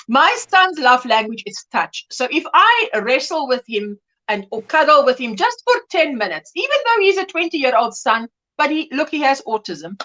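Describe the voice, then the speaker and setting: High bright chatty middle-aged woman. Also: rough recording. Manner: chatty, reads viewer comments aloud, rambling restarts. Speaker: livestream host. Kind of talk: casual chat.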